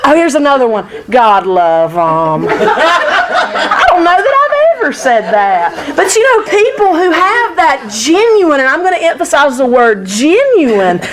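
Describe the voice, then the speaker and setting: A woman's voice: extremely high pitch, big pitch swings, moderate pace, few pauses, crowd noise. A woman teaching a church Bible study in a candid, self-deprecating way, full of rhetorical questions.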